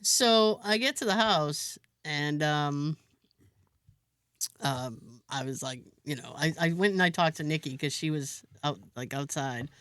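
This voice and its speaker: A woman co-hosting a podcast tells a story in loose, casual chat, acting out what other people said. Her pitch swings widely as she talks, and her voice sounds close and dry, with no room sound. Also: a little slow, smooth, no echo. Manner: animated storyteller who acts out other people's lines. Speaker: podcast co-host.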